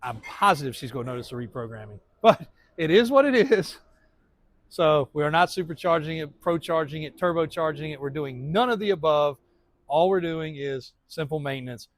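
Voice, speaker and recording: Chatty man with a higher, dry voice. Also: animated, normal speed, no room sound. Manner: rambling, chatty, laughs often. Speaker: truck shop owner and vlog host. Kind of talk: casual walkaround shop update. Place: outdoor truck lot at a shop.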